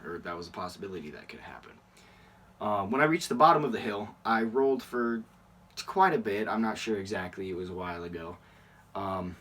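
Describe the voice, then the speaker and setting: Answering questions in a laid-back vlog, a teenage boy speaks with a slightly low, fairly bright voice. He's a YouTuber who wanders off track, uses lots of ums and uhs, chuckles at himself, and sits a little far from the microphone.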